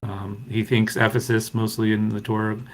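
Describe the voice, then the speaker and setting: A man with a low voice that is wearing out joins a group chat. He asks his questions hesitantly and casually. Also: monotone, moderate pace. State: losing his voice.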